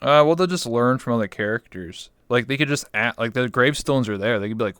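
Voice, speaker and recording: Male guest, casual rambler, smooth clear voice, dry mic. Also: mid-range voice, fast talker, few pauses, fairly bright tone, dry recording. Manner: rambling storyteller, lots of fillers and swearing. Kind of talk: casual interview chat.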